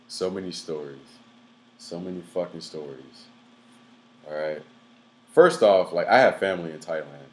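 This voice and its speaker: Young male vlogger, very low voice, slangy and profane, faint room hiss. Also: rough recording. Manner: loose, profane, filler-heavy, with animated outbursts. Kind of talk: casual storytelling monologue.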